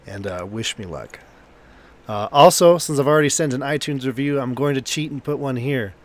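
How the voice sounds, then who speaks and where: A man's voice: medium pitch, moderate pace. A man hosting a podcast, chatting casually and laughing at himself as he reads listener mail. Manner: laughing, self-deprecating. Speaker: podcast host.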